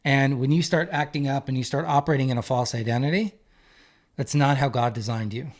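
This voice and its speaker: A man's voice: medium pitch, a little fast. A man in his thirties, a marriage coach, giving an earnest, emphatic faith-based talk and repeating key phrases for weight. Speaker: marriage coach and podcast co-host.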